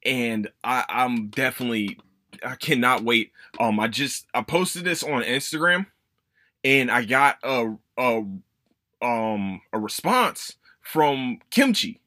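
A young man hosting a podcast, chatting casually in a rambling, profane, animated way. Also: mid-range voice, takes it slowly, no echo. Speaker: podcast host. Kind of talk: casual solo chat.

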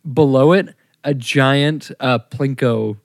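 A man co-hosting a casual podcast in a mid-pitched voice. He sounds deadpan as he reads from a list and sets up jokes. The recording is dry and close. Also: slow, no room sound. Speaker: podcast co-host. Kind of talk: casual chat.

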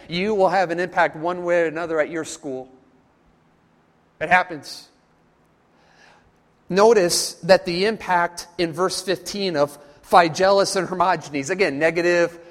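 A man's voice: on the high side, a bit bright, in a large hall. A man preaching a sermon at a church camp, emphatic and repetitive, often putting questions to his listeners. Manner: emphatic, repetitive, quizzes the audience.

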